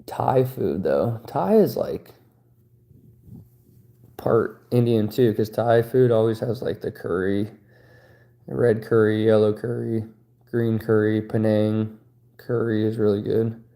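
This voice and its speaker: A man's voice: on the low side, slow, creaky, long pauses, dark tone. A man in his thirties chatting casually on a livestream, rambling and joking crudely. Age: 30s. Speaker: streamer.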